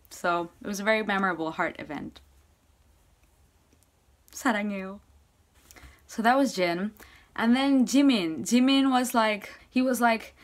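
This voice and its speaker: A young woman vlogger telling a story casually, gushing and excitable, with her speech full of "like". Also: medium pitch, normal speed, long pauses.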